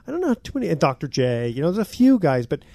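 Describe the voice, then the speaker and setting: Gravelly, easygoing male talk-show host. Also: a little high, sing-song, mellow, no room sound. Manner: easygoing, halting, with frequent restarts. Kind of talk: casual radio talk.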